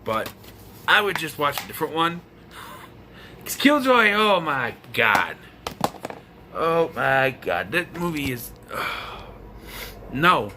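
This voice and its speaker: A man's voice: a little high, big pitch swings, takes it slowly, long pauses, sharp tone, a little hiss or hum. A young man reviewing a film in a casual video, talking in an exasperated, sarcastic rant. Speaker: movie reviewer.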